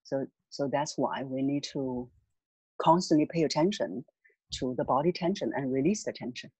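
A voice coach calmly and patiently explaining voice techniques as an interview guest. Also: medium pitch, normal speed, husky, no echo, poor audio. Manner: calm, patient, instructive.

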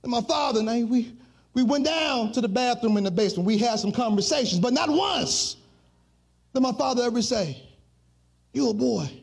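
A middle-aged pastor from Chicago preaching a sermon in a chanting preacher cadence that swells into shouts. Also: male voice, very high voice, expressive, brisk, vocal fry.

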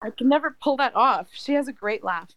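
Chatty middle-aged woman, high voice, laughs a lot, dry close sound. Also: lively intonation, fairly quick, a bit bright, no room sound. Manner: chatty, laughs often, trails off and restarts. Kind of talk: casual chat.

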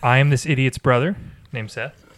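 A man's voice: mid-range voice, moderate pace, a bit bright, no room sound, clean studio sound. A young man co-hosting a casual podcast, tossing in playful wisecracks. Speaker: podcast co-host. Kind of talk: casual chat.

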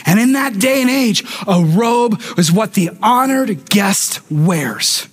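A man's voice: sits high, lively intonation, slow pace, slightly rough. A male pastor delivering a sermon, telling stories with humorous asides and acting out the voices of the people he quotes.

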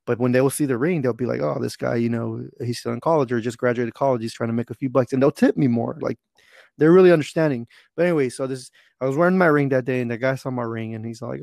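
A man's voice: mid-range voice, quick pace, gravelly, dry recording, studio quality. Young man telling a rambling story. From Texas. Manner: rambling, profane, animated retelling. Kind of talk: casual storytelling chat.

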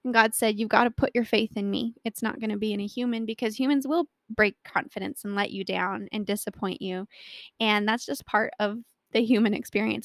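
A woman's voice: medium pitch, no echo. A young woman giving a personal faith talk, telling a story animatedly and acting out the quotes. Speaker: Christian speaker.

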